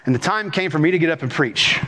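A senior pastor preaches to his congregation, his delivery rhythmic and animated as he presses each point. His voice sits on the higher side for a man. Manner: rhythmic, animated preaching with talk of speaking fast. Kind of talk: sermon.

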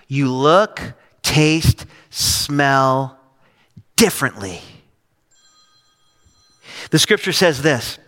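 Middle-aged male pastor, sermon delivery, slightly high and bright, long hall reverb. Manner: storytelling with acted quotes and laughs. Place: church stage.

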